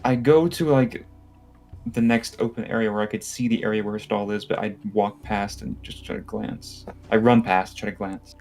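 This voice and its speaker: A man's voice: lowish voice, fairly even intonation, moderate pace, a little mellow, faint music behind. A man playing in a tabletop game, plainly stating his character's actions. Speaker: player. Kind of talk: casual tabletop play.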